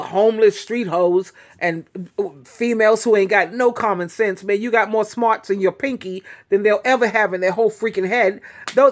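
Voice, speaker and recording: A woman hosting her own advice channel, talking casually to viewers in a chatty, rambling way, often giggling and restarting her sentences. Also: mid-range voice. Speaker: YouTube advice host. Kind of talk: casual talk to camera.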